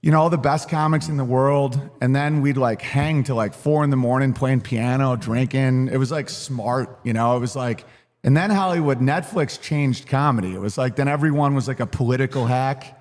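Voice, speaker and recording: A man's voice: medium pitch, normal speed, darkish tone, long reverb tail. A man, a comedian, chatting loosely on a podcast, rambling with lots of "like" fillers. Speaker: comedian guest. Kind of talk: casual podcast chat.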